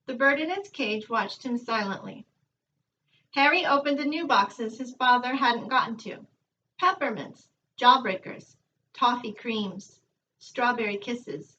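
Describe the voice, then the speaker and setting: A woman teacher reading a children's book aloud to her students in a calm, measured storytelling manner. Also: on the high side, recorded from a distance, lo-fi sound, a little hiss or hum.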